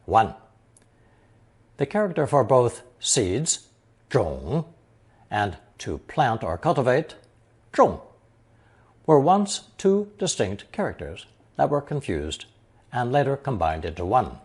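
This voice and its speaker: Slow, husky male language teacher. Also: mid-range voice, very animated, darkish tone. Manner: reads example sentences slowly, then translates each into English. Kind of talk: recorded Chinese lesson narration.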